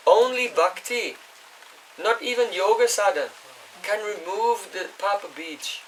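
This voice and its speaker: A man with a high voice teaches a scripture class in an explaining way, now and then asking his listeners whether they follow. He stands well back from the microphone, so he sounds distant. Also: measured pace, fairly bright tone. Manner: chants Sanskrit verses. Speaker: spiritual teacher. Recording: voice distant from the mic.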